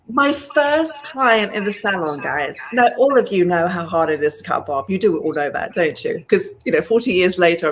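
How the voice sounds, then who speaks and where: Animated British woman in her sixties telling stories. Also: fairly low pitch, low-quality recording. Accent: British English. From England. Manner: animated storyteller who talks to the audience directly. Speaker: guest hairdresser and educator. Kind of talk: storytelling interview.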